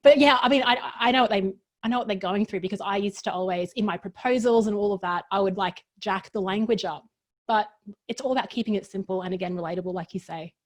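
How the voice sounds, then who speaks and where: A woman who runs workshops, a guest on a chat show, telling stories earnestly in quick bursts. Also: medium pitch. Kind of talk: casual interview chat.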